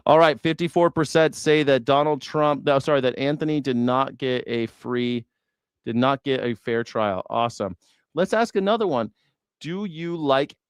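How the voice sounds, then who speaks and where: A man's voice: mid-range voice, smooth, no echo, studio quality. A man hosting a news reaction show, chatting casually in a rambling, profane, sarcastic way. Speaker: host.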